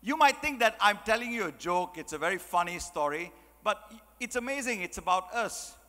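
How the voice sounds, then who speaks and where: Guy giving a jokey motivational talk, high voice, lots of hall reverb. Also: normal speed. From Malaysia. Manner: animated, joking, chatty with many "you know"s. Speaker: motivational speaker. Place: large hall.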